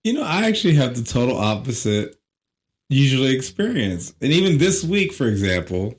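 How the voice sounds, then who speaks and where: A man's voice: medium pitch, big pitch swings, brisk. Laid-back man swapping stories. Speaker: podcast co-host. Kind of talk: casual comedic chat.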